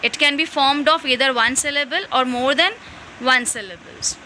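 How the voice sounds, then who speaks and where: A woman's voice: high voice, normal speed, bright, forceful tone, slight background noise, rough recording. A woman explaining a lesson from slides, step by step with restarts. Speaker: English teacher.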